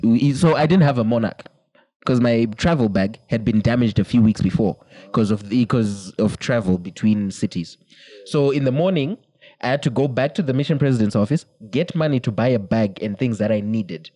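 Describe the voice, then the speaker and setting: A man's voice: medium pitch, moderate pace, dark tone, no echo, poor audio. A young man, a podcast co-host, telling a long personal story in casual chat, laughing often and quoting people in put-on voices.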